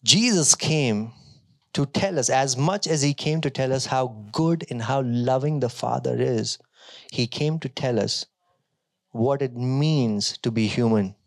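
A male pastor preaching a sermon, emphatic, moving between strong declarations and quieter storytelling. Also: mid-range voice, measured pace.

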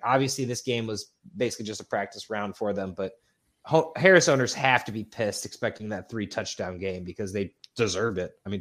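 A man's voice: fairly low pitch, a bit bright. A man co-hosting a podcast, chatting casually and rambling, swearing freely and correcting himself as he goes. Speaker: podcast co-host. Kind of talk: casual fantasy football chat.

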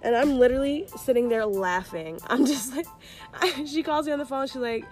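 A young woman in her twenties telling a story in casual chat, animated and profane, acting out the people she quotes. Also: high voice, brisk, faint music behind.

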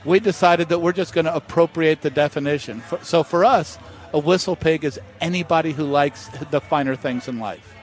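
Man, master distiller, interview guest, animated storyteller, slightly high voice, outdoor festival. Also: a little fast, hardly any pauses.

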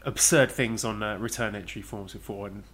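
A man co-hosting a casual podcast, going through names methodically in a measured way. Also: on the low side, fairly even intonation, fairly bright tone. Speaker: podcast co-host. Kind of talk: casual podcast chat about wrestling.

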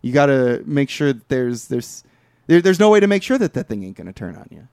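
A man co-hosting a podcast, recapping a film in casual chat, rambling and animated with lots of fillers. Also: medium pitch, brisk, clear, resonant tone, no echo, clean studio sound. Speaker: podcast co-host.

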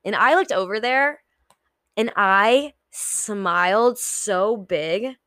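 A young woman talks through a solo motivational podcast at a slow, unhurried pace. Her voice sits in a middle register. She is candid and swears freely. The recording is dry and close, with no room sound. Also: mid-range voice, sharp tone, dry recording. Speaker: podcast host.

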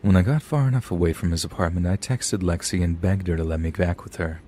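A man's voice: deep voice, fast, mellow. A man, a podcast host, reading a scary story aloud with some dry asides.

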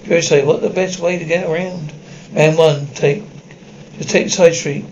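A man's voice: on the high side, steady tone, normal speed, darkish tone, muffled recording, a little hiss or hum. A man reading an anime episode script aloud. He reads the stage directions and all the parts in one plain voice and often stumbles over words. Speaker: script reader.

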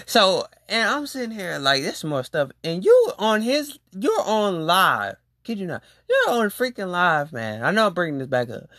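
A young adult podcast host telling a rambling, slangy personal story with loudly exclaimed reactions. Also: mid-range voice, dry recording, studio quality. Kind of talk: casual storytelling monologue.

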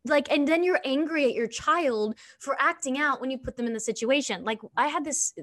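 A woman's voice: high-pitched, a little fast, a bit bright, dry recording. A woman, hosting a podcast and chatting casually, peppered with "like". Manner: chatty, lots of "like", acts out quotes. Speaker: podcast host.

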